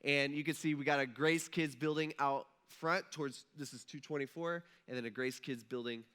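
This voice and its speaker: Bright, casual-sounding male pastor. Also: medium pitch, steady tone, normal speed, clean tone. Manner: casual, storytelling, acts out quotes. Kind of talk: sermon. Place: church auditorium.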